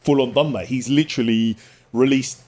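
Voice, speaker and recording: A man's voice: mid-range voice, fairly even intonation, moderate pace, darkish tone. A man hosting a casual political podcast, blunt and emphatic with heavy swearing. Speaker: podcast host.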